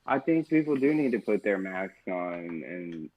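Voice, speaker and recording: Man on a tinny remote line, animated. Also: deep voice, measured pace. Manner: laid-back slangy banter, laughs often. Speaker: co-host. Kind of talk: casual podcast chat. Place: his home kitchen. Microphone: remote call audio.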